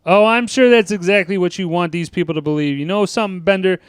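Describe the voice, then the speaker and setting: A man reading out the lines of a gruff, threatening middle-aged male school principal in a taunting, bullying manner. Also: high voice, quick pace, no echo, studio quality, pitched above the performer's own voice, close to an everyday voice.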